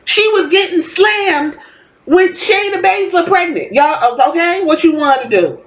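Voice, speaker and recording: A woman's voice: extremely high pitch, expressive, a little slow, poor audio. A woman hosting a podcast, delivering a heated, profane commentary rant in a blunt, fiery way. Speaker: podcast host.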